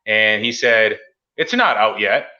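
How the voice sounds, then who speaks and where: A man's voice: lowish voice, slow pace, pushed and bright, lo-fi sound. A man from Massachusetts hosting a casual hobby chat, telling stories and acting out quoted phone calls. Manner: chatty storyteller, acts out quoted phone calls. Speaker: podcast host.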